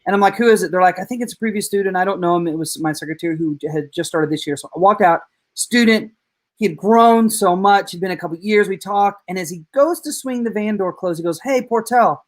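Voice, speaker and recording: A middle-aged woman, an educator hosting a podcast, telling heartfelt stories in an animated way. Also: mid-range voice, fast. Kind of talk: podcast conversation.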